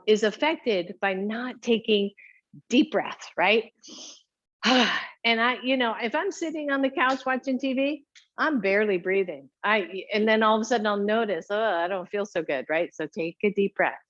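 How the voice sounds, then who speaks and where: Slow, encouraging woman yoga teacher. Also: on the high side, no room sound, dull audio. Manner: upbeat, encouraging cues with playful asides and laughs. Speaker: yoga instructor. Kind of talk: guided yoga class instruction.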